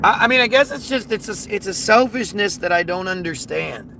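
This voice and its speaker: High-voiced man ranting outdoors. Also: lively intonation, brisk, gravelly, sharp tone, a little hiss or hum. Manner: profane, heated, restarts often. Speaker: streamer reading chat. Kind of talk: casual livestream rant.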